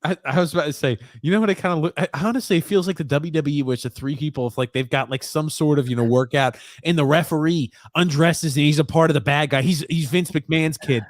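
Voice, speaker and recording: A man's voice: a little high, fast talker, few pauses, no room sound, studio quality. A man co-hosting a casual podcast, reacting to a fight video, swearing and acting out quotes. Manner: animated, swears, acts out quotes. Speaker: podcast co-host.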